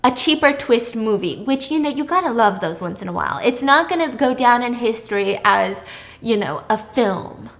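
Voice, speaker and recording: A woman's voice: on the high side, lively intonation, normal speed, fairly bright tone. A young woman hosting a casual show, retelling a plot dramatically and swearing freely. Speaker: host. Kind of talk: casual storytelling recap.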